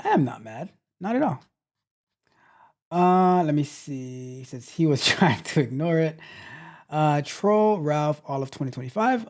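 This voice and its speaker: A man's voice: fairly high pitch, darkish tone. A man hosting a tech livestream in casual chat, playfully reading viewer comments aloud and teasing them, often repeating himself. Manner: repeats phrases, loose and chatty.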